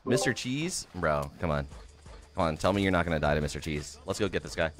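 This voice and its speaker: A man's voice: low voice, animated, a little fast. A man streaming a game live, swearing freely and greeting his chat by name.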